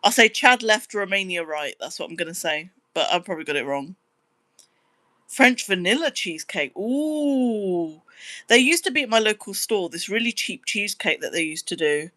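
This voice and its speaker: A woman's voice: lively intonation, a little fast, bright, forceful tone, no echo. A young British woman chatting casually on a livestream, reading out viewer comments in an upbeat way. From Britain. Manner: chatty, upbeat, squeals high when surprised. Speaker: livestreamer and musician.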